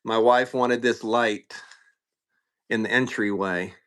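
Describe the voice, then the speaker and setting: A middle-aged man chats on a live stream in a bright, tense voice. He swears freely and laughs as he spins his story, animated and loose. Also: medium pitch, slow pace. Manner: profane, animated, laughs often. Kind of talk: casual storytelling.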